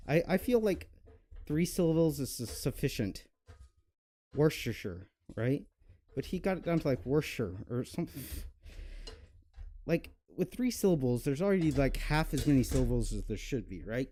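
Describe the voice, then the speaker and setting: Young guy cooking and rambling, mellow low-key voice, lots of ums. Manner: rambling, self-mocking, many fillers. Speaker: cooking channel host. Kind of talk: casual cooking vlog chat.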